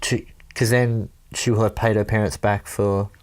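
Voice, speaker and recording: A man's voice: fairly low pitch, level tone, moderate pace, clean tone. Welsh man telling a rambling story. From Wales. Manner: rambling, laughs often, swears. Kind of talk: casual storytelling chat.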